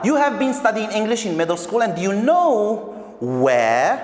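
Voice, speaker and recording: A male English teacher from Algeria giving a recorded video lesson, repeating key phrases and explaining step by step. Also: on the high side. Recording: echoey room with long reverb.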